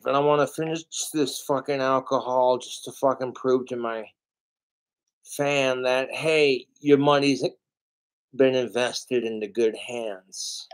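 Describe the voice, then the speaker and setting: A middle-aged man streaming live, rambling slowly and swearing a lot as he talks about his fans and cooking. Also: medium pitch. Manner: slow, profane, rambling. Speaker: livestreamer. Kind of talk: rambling livestream monologue.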